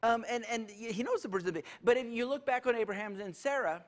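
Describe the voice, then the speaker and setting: A man's voice: very high-pitched, fast talker. A male pastor, leading a church Q&A in a folksy, joking way. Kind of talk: church Q&A teaching.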